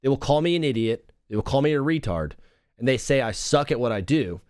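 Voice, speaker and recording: A young man hosting a live talk show, ranting in an excitable, self-mocking way and jumping between topics. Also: mid-range voice, brisk, no room sound, clean studio sound. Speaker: radio show host.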